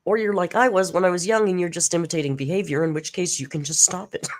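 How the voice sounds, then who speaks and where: Low-voiced, animated woman streamer. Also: brisk, a little hiss or hum. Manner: chatty, greets viewers by name, laughs often. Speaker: live-stream reaction host. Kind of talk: casual live-stream chat.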